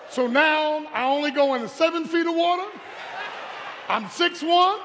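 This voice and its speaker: A man preaching a humorous, animated storytelling sermon at a live service, calling out to the congregation. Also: very high-pitched, a little slow, big-room sound, slight background noise. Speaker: pastor. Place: church sanctuary, live service.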